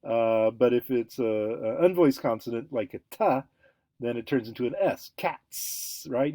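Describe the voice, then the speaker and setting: A man giving a recorded lecture, halting often with fillers and restarts and sounding out examples aloud. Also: mid-range voice, warm tone, dry recording, clean studio sound.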